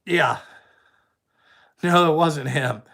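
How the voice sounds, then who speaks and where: A man's voice: on the high side, a little slow, fairly bright tone. A young man who owns a trucking company, chatting casually with viewers and answering them bluntly with heavy swearing.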